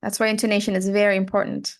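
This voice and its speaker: A woman's voice: mid-range voice, level tone, rapid-fire. A woman tutoring English pronunciation, explaining patiently and modeling words and sentences. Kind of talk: giving spoken feedback in a one-on-one lesson.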